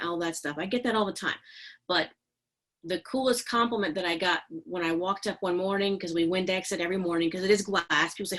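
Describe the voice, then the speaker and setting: A middle-aged woman, a podcast guest, telling stories in casual interview talk, chatty and animated with many fillers and laughs. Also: lowish voice, fairly quick. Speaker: podcast guest, business owner.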